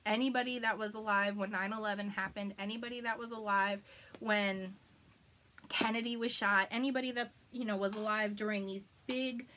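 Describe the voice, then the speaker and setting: A woman's voice: medium pitch, fairly bright tone. A woman in her thirties hosting a live crafting video, chatting casually and laughing often. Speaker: crafting livestream host.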